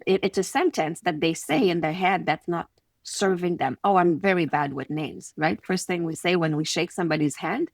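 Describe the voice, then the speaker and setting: Woman, Quebec French accent, native French, coach on a podcast, animated, dry close sound. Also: fairly low pitch, normal speed, dry recording. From Quebec City, Canada. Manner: animated, acts out little scenes in quoted voices. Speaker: guest, confidence coach. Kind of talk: conversational podcast interview.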